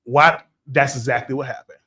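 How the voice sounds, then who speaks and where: A middle-aged man co-hosting a podcast, telling a story in a casual, animated way that turns loud as he retells it. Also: mid-range voice, normal speed. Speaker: podcast co-host.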